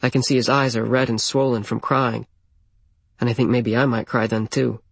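A man narrates a first-person story, plain and intimate, at a middle pitch. His voice is a touch husky and sits dry and close to the mic. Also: flat delivery, moderate pace, no room sound.

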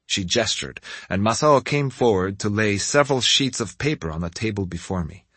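A man with a husky voice narrating a story in the first person, measured and expressive. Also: fairly low pitch, no echo. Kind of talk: scripted audiobook narration.

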